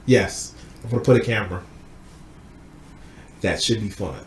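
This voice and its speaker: Speaking at a moderate pace in a voice on the low side, a podcast host casually walks through a movie's plot, animated and swearing heavily while acting out quotes. The audio echoes and carries a slight hiss or hum.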